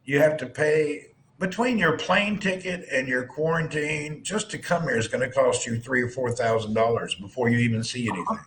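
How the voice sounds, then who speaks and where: Man, live-stream host, teasing banter, mid-pitched everyday voice. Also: normal speed, hardly any pauses, a bit bright, a little hiss or hum. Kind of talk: casual live-stream chat.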